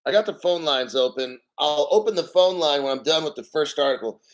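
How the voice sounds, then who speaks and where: Excitable, profane man hosting a show. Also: a little high. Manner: profane, excitable, mock tearful; reads article aloud slowly, then riffs. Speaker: crypto show host. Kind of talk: live-stream commentary with callers.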